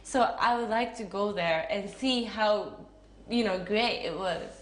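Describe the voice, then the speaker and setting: In an echoey room with faint noise, a young actress with a Japanese accent answers interview questions at an unhurried pace. Her voice sits at medium pitch, and she chats casually with lots of fillers and giggles.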